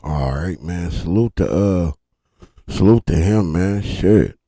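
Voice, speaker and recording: Deep, mellow Californian streamer. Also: male voice, animated, dry recording, clean studio sound. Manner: laid-back, slangy, drawn-out. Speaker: livestream host. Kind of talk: casual live commentary. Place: Washington State.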